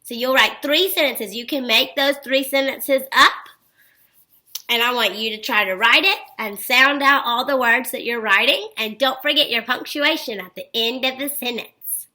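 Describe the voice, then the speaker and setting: A woman's voice: on the high side, moderate pace. A woman teacher giving a phonics lesson to young children, upbeat and full of encouraging praise, reading example sentences with exaggerated expression. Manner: exaggerated expressive read-alouds.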